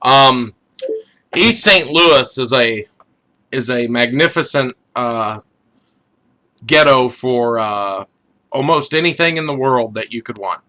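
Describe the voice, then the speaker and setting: A man's voice: mid-range voice, slow, pauses often, sharp tone. A man on a podcast chatting casually, with many hesitant fillers and wry asides. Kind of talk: casual chat.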